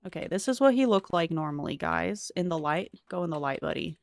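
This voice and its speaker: A woman's voice: lowish voice, lively intonation, fairly quick, gravelly, no room sound. A young woman streaming a cozy game, chatting with viewers and thinking aloud in a curious, talkative way. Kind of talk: casual gameplay commentary.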